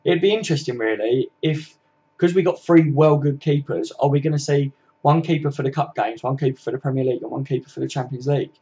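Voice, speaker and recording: A man's voice: medium pitch, fast, mellow, highs cut off. Slangy young southern English man. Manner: slangy, chatty, full of tag questions like innit. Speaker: football live-stream host. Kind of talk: casual live-stream chat reading viewer comments.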